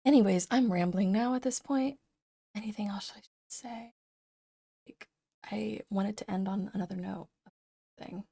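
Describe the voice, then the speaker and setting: A young woman speaks in an unedited personal vlog, her mid-range voice slightly rough and dark-toned, with vocal fry and a moderate pace. She rambles, pausing often and leaning on fillers, and grows openly emotional until she is tearful and crying.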